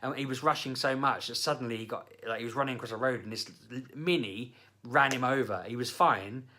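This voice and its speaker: Young guy vlogging, bright tense voice, chatty and rambly. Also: medium pitch, fairly quick, slight background noise. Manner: rambling, animated anecdotes with fillers. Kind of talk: casual storytelling to camera.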